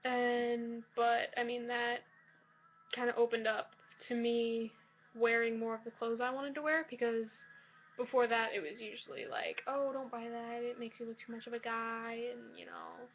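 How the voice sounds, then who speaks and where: A woman's voice: fairly high pitch, flat delivery, moderate pace, muffled recording, slight background noise. A young woman in college telling a personal story to her camera in a casual, hesitant way, with lots of likes and restarts, in a shared dorm room. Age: young adult. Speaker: college student vlogger.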